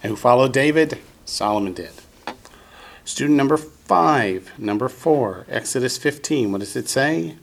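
A man's voice: medium pitch, lively intonation, a little slow, vocal fry. A man teaching Biblical Hebrew in a classroom, patiently drilling students with call-and-response.

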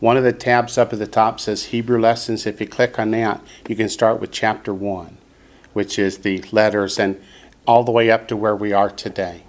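A man teaching a Hebrew class, saying each word slowly and clearly so his students can repeat it. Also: fairly low pitch, level tone. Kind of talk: classroom lesson.

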